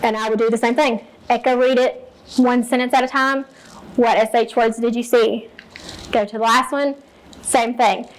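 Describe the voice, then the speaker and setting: Teacher explaining reading lessons to colleagues. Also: female voice, a little high, steady tone, normal speed, low-quality recording. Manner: practical, explains step by step and models read-alouds. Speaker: teacher presenting to fellow teachers. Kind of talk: teacher training talk.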